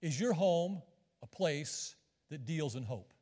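A man's voice: a little high, animated, takes it slowly, dark tone. A middle-aged man preaching a sermon as a visiting missionary, folksy and joking with the congregation. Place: church sanctuary. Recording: long reverb of a church hall.

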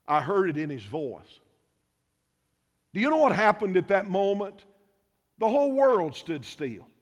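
A man preaching a sermon as pastor, emphatic and full of rhetorical questions, in a church. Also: high-pitched. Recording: long hall reverb.

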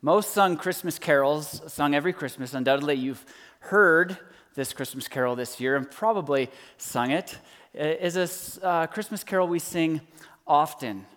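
A man's voice: a little high, normal speed, fairly bright tone. A man in his thirties preaching a sermon as lead pastor, conversational and joking, with repeated rhetorical questions. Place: church hall. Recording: church hall with long reverb.

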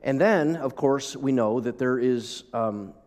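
Pastor preaching in a reverberant hall. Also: male voice, medium pitch, measured pace, a little mellow. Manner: conversational, with asides to the congregation. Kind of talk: sermon. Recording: long reverb of a large hall.

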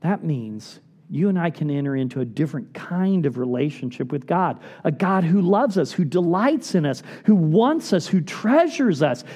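Earnest and pleading, a middle-aged man delivers a sermon as a pastor. To stress his points, he frequently sinks into a soft, low register.

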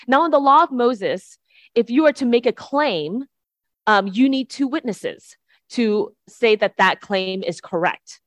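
A woman's voice: on the high side, animated, unhurried, no echo, clean studio sound. A woman preacher giving a conversational sermon to a congregation, often checking in with "right?". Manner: chatty, tags points with "right?".

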